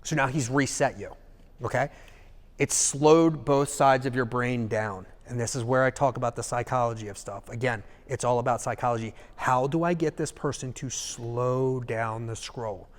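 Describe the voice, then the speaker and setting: A man giving a live seminar talk in an animated way, acting out examples and checking in with the audience. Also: mid-range voice, normal speed, big-room sound. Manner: animated, acts out examples, asks the audience "okay?". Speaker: seminar speaker.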